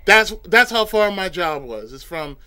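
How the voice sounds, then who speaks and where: A young man with a high, very lively voice tells a rambling story in a relaxed chat, slipping into the voices of the people he describes. His tone is bright and smooth, and his delivery is animated. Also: unhurried. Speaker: podcast co-host.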